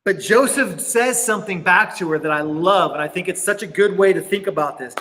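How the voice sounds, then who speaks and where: Young guy youth pastor, high bright voice, casual and earnest, big echoey hall. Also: fairly quick, a little hiss or hum. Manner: casual, earnest storytelling with many fillers. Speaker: student pastor. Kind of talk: youth sermon. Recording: reverberant hall.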